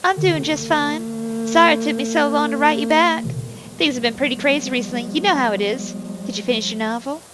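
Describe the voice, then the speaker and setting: A woman's voice: high-pitched, fairly even intonation, brisk, pitched above the performer's own voice, lightly acted, low-quality recording. Woman doing a chirpy Southern country daughter. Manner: bright, chirpy letter-reading drawl. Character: cheerful young country daughter writing home.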